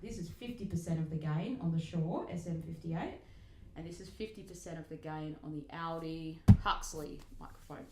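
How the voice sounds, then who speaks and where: A woman's voice: deep voice, moderate pace, few pauses. A woman, a singer, chatting casually and a bit self-deprecatingly while demonstrating microphones in her home recording setup. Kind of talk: casual demo talk. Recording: echoey room, faint noise.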